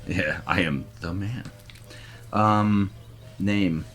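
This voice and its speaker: A man's voice: extremely low pitch, animated, moderate pace. A man playing a tabletop role-playing game, joking around with snarky asides. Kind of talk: casual tabletop game chat.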